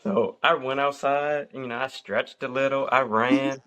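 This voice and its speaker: A man in his thirties hosting a casual podcast chat, telling stories with lively acted-out quotes. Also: mid-range voice, measured pace, clean tone. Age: 30s. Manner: animated storyteller acting out quotes. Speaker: podcast host.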